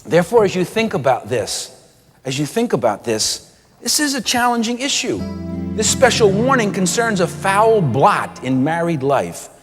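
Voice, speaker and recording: A man preaching a sermon with animated delivery, acting out quoted voices and drawing out key words. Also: sits high, moderate pace, long reverb tail, over music.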